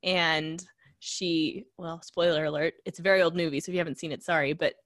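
A woman co-hosting a casual podcast, relaxed and rambling, giggling between thoughts. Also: low-pitched, fairly quick, dry recording, studio quality. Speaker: podcast co-host. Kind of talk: casual chat.

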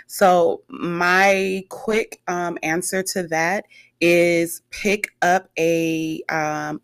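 A chatty woman hosting a podcast, talking casually and affirming her guest often. Her voice sits a little low, and the recording is dry and close. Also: a bit bright, no room sound. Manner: chatty, lots of affirming yeses. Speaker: podcast host.

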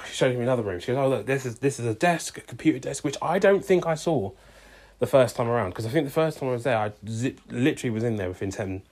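A young man with a medium-pitched, slightly mellow and slightly rough voice tells a long story casually. He acts out both sides of a conversation, using lots of "I was like" and "she's like."

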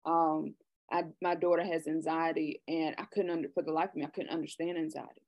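A middle-aged woman hosts a casual talk-show podcast, speaking earnestly and frequently restarting her sentences in casual conversation. Her low voice is flat and brisk, and the audio is dull with no echo.

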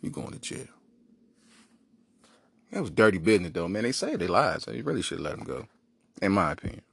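A man's voice: deep voice, sing-song, quick pace, creaky, a bit bright, slightly rough, no echo. A man hosting a podcast, telling a rambling comic story with lots of asides. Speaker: podcast host. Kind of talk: comedic monologue.

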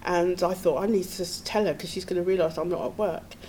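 A woman's voice: on the low side, fairly even intonation, fairly quick, a little mellow, a little hiss or hum. A middle-aged woman, a podcast guest telling her own story in an earnest, tumbling way, with nervous laughs. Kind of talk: personal storytelling.

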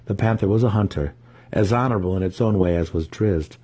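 A man reading a fantasy novel aloud, telling the story with steady drama. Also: low voice, brisk, husky. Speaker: audiobook reader.

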